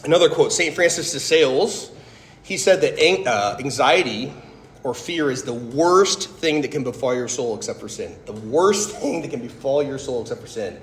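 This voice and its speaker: Telling his personal testimony in a faith talk, a man in his thirties uses a medium-pitched voice with lively intonation at normal speed. He sounds conversational, tells stories, and often drops in "like" and "right?"; the room echoes a bit, with a little hiss or hum.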